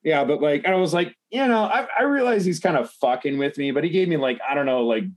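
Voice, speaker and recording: A man's voice: fairly high pitch, expressive, a little fast. A man telling a long personal story in casual podcast chat, rambling with lots of fillers and swearing.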